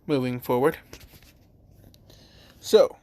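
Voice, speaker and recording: A man's voice: medium pitch, drawn-out words, dark tone, no echo. A man telling a fan-made story in a rambling, casual way, full of fillers and swearing.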